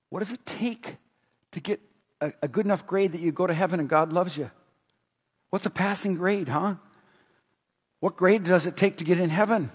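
A man's voice: high-pitched, fairly bright tone, breathy edge. A middle-aged male pastor preaching a sermon, telling a story earnestly and asking the congregation questions. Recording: dull, long-reverb hall sound.

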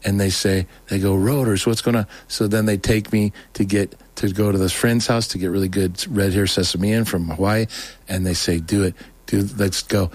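A man's voice: on the low side, moderate pace, no room sound. A man telling a long personal story in a casual chat, rambling and acting out what others said. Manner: rambling, animated, acts out quoted voices. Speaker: guest telling his testimony.

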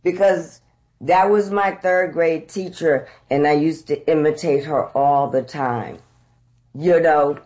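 A middle-aged actress telling candid stories about auditions, unhurried and reflective, growing animated as she retells them. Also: low voice. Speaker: actress guest. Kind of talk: candid conversational storytelling.

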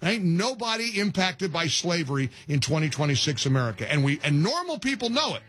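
A male talk radio host who takes calls and reads ads himself, animated, often repeating his words and laughing quickly. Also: a little high, slightly rough.

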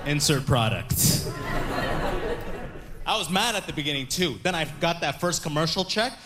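Young man in his stand-up set, a fairly high voice, animated delivery with quoted characters. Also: normal speed, crowd noise. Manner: animated, acts out quoted voices, laughs through lines. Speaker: stand-up comedian.

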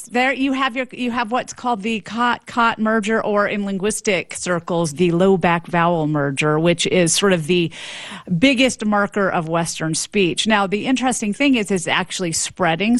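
A woman in her forties or fifties from the American South, a linguistics professor explaining things in a lively way in a radio interview. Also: lowish voice, normal speed, dry recording. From Memphis, Tennessee, American South. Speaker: linguistics professor and author, guest.

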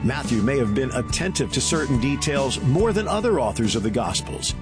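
A man's voice: mid-range voice, sing-song, brisk. Male announcer reading over music. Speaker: radio program announcer. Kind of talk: scripted devotional narration.

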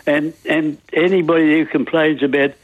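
A man calling in to a radio show, cheerful and halting, stopping and restarting his sentences. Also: on the high side, flat delivery, no echo. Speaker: caller. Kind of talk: phone-in chat. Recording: tinny phone line.

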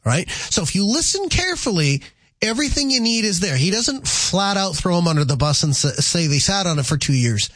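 Talk radio host guy, kinda high voice, rambly and chatty, super dry studio sound. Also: very animated, a little fast, a bit bright, no echo. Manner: chatty, rambling, with filler words and restarts.

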